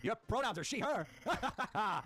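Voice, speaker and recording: A young man plays a video game and reads its text aloud over the game music, his voice sitting high and expressive at a measured pace. His commentary is casual and jokey, with sudden loud outbursts.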